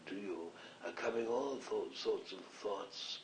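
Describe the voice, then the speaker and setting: Here the same kind of séance scene plays out: a slightly Scottish-accented man, fairly low in pitch, rambles earnestly and unhurriedly as a spirit communicator. The old archive audio is distant and echoey, with a faint hiss underneath.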